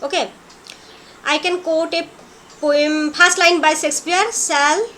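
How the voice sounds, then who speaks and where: A woman's voice: very high voice, fairly even intonation, fairly bright tone, slight background noise. A woman teaching literature in a classroom lecture, talking conversationally in non-native English and often correcting herself. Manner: conversational lecturing, with frequent self-corrections and restarts; chants syllables and counts feet slowly.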